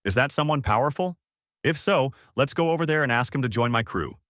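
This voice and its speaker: A man's voice: medium pitch, lively intonation, fairly quick, fairly bright tone, no room sound, studio quality, voice pushed up, close to an everyday voice. Man voicing carefree stubborn young pirate captain, bouncy and raised.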